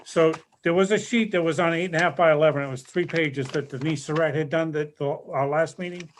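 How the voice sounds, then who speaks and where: Man, town administrator, slightly high voice, measured, hesitant, budget report at a council meeting. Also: a little hiss or hum. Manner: measured, reads out numbers with hesitations.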